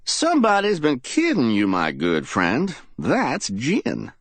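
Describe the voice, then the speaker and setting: A man's voice: medium pitch, huge pitch swings, slow pace, a bit bright, no echo, pitched above the performer's own voice, full character voice. A man reading a crime audiobook, voicing a world-weary, wisecracking newspaper reporter in a raised, breezy drawl. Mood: wry.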